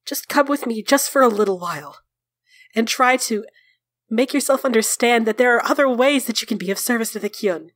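A woman voicing a protective, caring female warrior who speaks earnestly and gently. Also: mid-range voice, unhurried, no echo, lightly acted. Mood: pleading, gentle.

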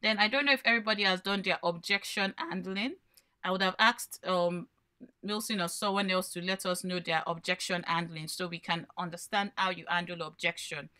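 Bright-voiced woman coaching a workshop. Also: lowish voice, steady tone, a little fast. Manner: explains by posing questions and then answering them. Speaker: branding coach. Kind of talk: live workshop teaching.

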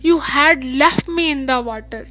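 Woman reader doing a tired, hushed young boy, high and breathy, for an audiobook. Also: normal speed. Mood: despairing. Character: exhausted grieving young boy, quiet.

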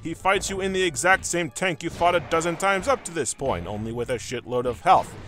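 Uomo sarcastico che recensisce un videogioco. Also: male voice, fairly high pitch, expressive, brisk, fairly bright tone, faint music behind. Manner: sarcastic and profane, with exasperated outbursts. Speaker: game reviewer. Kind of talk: scripted review narration.

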